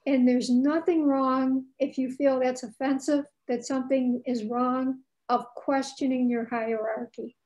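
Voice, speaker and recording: A woman's voice: high voice, little pitch movement, a little slow, hardly any pauses, a little mellow, low-quality recording. A woman author as a podcast guest, telling stories with passion and indignation. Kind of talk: casual interview chat.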